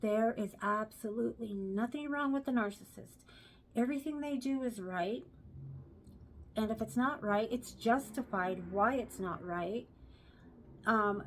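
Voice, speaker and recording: A woman's voice: mid-range voice, unhurried, a bit bright. A woman vlogger giving relationship advice in a casual talk to camera, chatty and repeating herself for emphasis.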